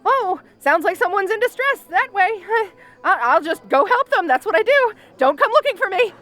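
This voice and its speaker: A woman's voice: sits high, animated, measured pace, fairly bright tone, dry recording. A woman voicing a brash but anxious young orc woman in an audio role-play, stammering, laughing nervously and insisting she is fine. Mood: nervous bravado.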